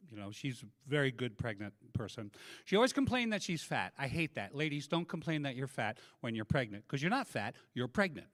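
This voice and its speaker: A man's voice: mid-range voice, fairly quick. A middle-aged man doing a self-deprecating stand-up comedy set on a live stage, talking into a handheld mic. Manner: self-deprecating, animated storytelling. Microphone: handheld microphone.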